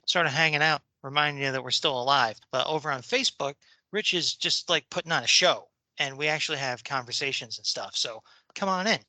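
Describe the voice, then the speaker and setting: Man, podcast co-host, very bright tone, slightly high voice, casual mail-reading chat. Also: no room sound. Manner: jokey, quick asides with laughs.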